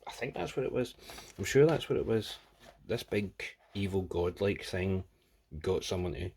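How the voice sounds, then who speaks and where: A man's voice: deep voice, animated, moderate pace, darkish tone, slight background noise. A man casually reviewing a comic book, rambling and crude with plenty of jokes.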